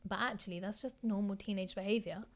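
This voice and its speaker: A woman's voice: mid-range voice, fairly even intonation, fast talker. A young woman from England chatting casually and bluntly as a podcast co-host, swearing now and then.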